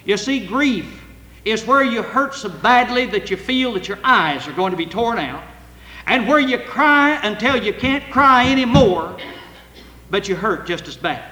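Older man, high bright voice, earnest emotional sermon, echoey hall with long reverb. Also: expressive, measured pace. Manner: earnest, emotional, rising to loud cries on scripture. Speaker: preacher.

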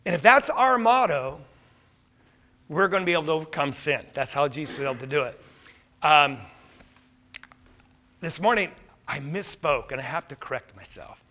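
A male pastor preaching a sermon, earnest, with emphatic rises and quiet drops. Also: on the high side, lively intonation, normal speed, long pauses.

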